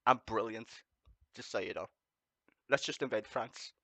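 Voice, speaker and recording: A man's voice: fairly low pitch, moderate pace, pushed and bright, dry recording. A man hosting a livestream, ranting sarcastically with constant swearing and laughing at his own jokes. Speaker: livestream host. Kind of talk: profane sarcastic ranting commentary.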